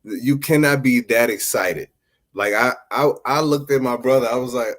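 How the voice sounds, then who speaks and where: A male podcast host spinning a casual story, his voice sitting at an ordinary middle pitch. He jokes and chuckles through his sentences in a loose, animated way. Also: normal speed. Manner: laughs often while talking, animated and joking.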